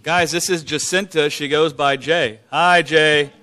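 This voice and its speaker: A man hosts a church question-and-answer gathering, his voice sitting somewhat high. He talks in a fervent, informal way, circling back to the same phrases and praising God between points. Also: steady tone, measured pace, sharp tone, smooth. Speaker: church leader hosting a Q&A.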